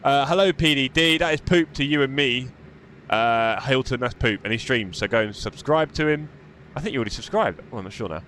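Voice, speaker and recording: A man's voice: medium pitch, animated, fairly quick, a bit bright, a little hiss or hum. A man chatting casually while sim racing on a live stream, reading out chat. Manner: chatty, reads chat aloud while driving. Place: home sim racing rig.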